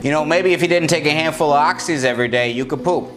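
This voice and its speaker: A man playing a mocking male construction worker in a parody ad, crude and loud with a heavy Boston accent. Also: a little high, quick pace, music in the background, close to an everyday voice. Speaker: parody comedian.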